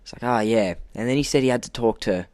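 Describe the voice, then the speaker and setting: A young man telling an animated work story on a podcast, acting out quotes and laughing often. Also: medium pitch, very fast, no room sound. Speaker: podcast co-host. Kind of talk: casual storytelling.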